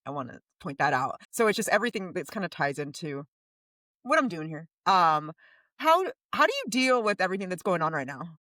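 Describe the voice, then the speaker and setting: A woman hosting a podcast interview, who asks questions casually and reacts quickly and encouragingly. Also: fairly low pitch, big pitch swings, fairly bright tone, dry recording, far from the mic. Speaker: podcast host. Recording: voice set back from the mic, dry.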